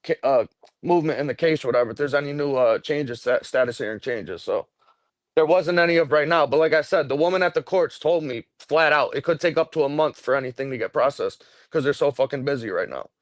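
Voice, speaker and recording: A man's voice: on the high side, animated, fast talker, no echo. A man co-hosting a live stream in casual chat, heated and profane, often repeating himself.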